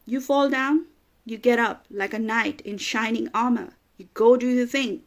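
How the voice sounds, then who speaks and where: A woman's voice: on the high side, fairly even intonation, normal speed. A woman business coach giving an emphatic motivational talk, repeating phrases for emphasis and getting emotional at times. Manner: gets emotional, laughs through tears.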